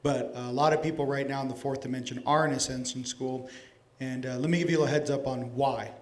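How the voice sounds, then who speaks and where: A man giving a casual, joking lecture to a live conference audience, animated and profane, addressing people directly. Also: medium pitch, brisk. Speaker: conference speaker. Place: conference hall stage.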